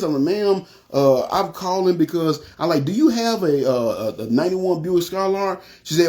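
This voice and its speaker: A man telling his life story as a church testimony, animated and acting out the people he quotes. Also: a little high, a little fast. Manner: animated, acts out quoted voices, frequent "you know what I'm saying". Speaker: testimony speaker.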